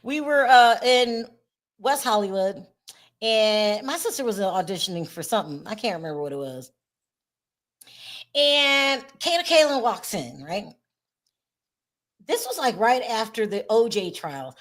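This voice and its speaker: A woman hosting a casual livestream chat, talkative and expressive, laughing often. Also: fairly high pitch, a little slow, long pauses. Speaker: host.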